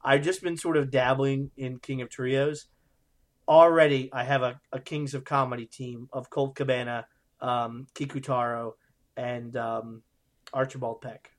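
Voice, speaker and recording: A man co-hosting a podcast in casual chat, animated and jokey, with bursts of excitement. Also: medium pitch, a little slow. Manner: animated, jokey, trails off with fillers. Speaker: podcast co-host.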